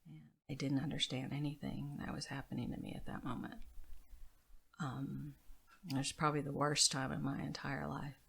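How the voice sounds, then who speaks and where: A middle-aged woman, a podcast guest, telling her life story candidly and often dropping to a soft near whisper. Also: a bass voice, flat delivery, normal speed, gravelly, husky.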